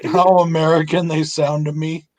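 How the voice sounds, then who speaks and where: A man's voice: on the high side, level tone, normal speed, over a noisy crowd. A man hosting a live podcast, chatting casually and crudely with lots of swearing. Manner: crude, swears freely, laughs often. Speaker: podcast host.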